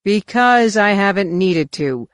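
A woman reading an audiobook plays a cocky male starship captain who bellows and grumbles. The voice comes out loud and blunt. It is recorded close and dry. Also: mid-range voice, animated, slow, no room sound. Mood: gruff. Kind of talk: audiobook character voice.

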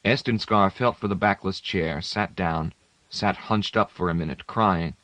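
A man narrating a novel as an audiobook in a measured, steady reading. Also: sits low, no echo. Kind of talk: scripted narration.

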